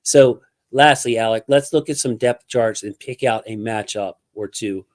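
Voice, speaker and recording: A man hosting a casual sports talk show on his own channel, speaking in an animated, emphatic way. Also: fairly low pitch, normal speed. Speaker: podcast host.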